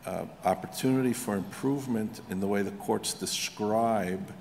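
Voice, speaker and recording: Deep, gravelly man answering on a panel. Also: darkish tone, a little hiss or hum. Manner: measured, filler-heavy. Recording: reverberant hall.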